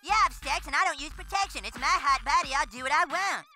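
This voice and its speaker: A woman's voice: sits high, expressive, fast, sharp tone, faint music behind, full character voice. A woman playing a brash, rebellious teenage girl who brags in a flippant, defiant way.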